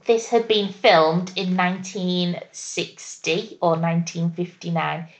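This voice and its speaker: A woman's voice: fairly low pitch, steady tone, takes it slowly. A woman co-hosting a podcast, chatting casually and joking about a TV series. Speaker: podcast co-host. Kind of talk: casual chat reviewing a TV series.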